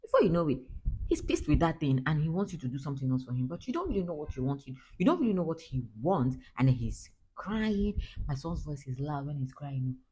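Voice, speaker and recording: A woman's voice: low voice, big pitch swings, brisk, mellow, breathy edge, poor audio. A young Nigerian-accented woman chatting casually to camera as a mother, laughing often and slipping into pidgin. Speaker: mother vlogger.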